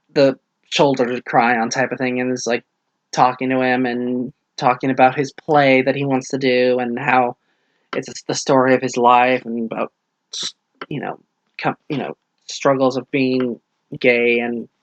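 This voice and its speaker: Young guy ranting about a book, talks fast n jumpy, super dry mic, no room at all. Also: mid-range voice, no echo. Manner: rambling, animated retelling with acted-out quotes. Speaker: book reviewer. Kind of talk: casual spoken book review.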